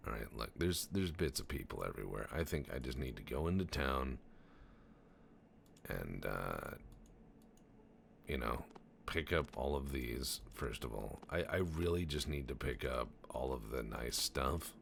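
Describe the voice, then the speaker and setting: Very deep gravelly-voiced joking man. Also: expressive, measured pace, slight background noise. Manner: joking, profane, rambling storyteller. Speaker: gameplay commentator. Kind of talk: casual let's-play commentary.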